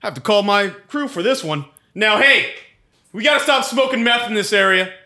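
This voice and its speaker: A man's voice: sits high, animated, moderate pace, sharp tone, heavily acted. A man playing a crude, bumbling police officer in an improvised comedy sketch, blunt and swearing.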